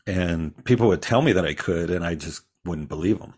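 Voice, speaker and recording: Guy with a really deep voice rambling thru his story on a podcast, lots of restarts. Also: fairly quick, darkish tone, breathy edge. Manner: rambling, restarts often, laughs at own stories. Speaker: podcast guest. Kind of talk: casual storytelling interview.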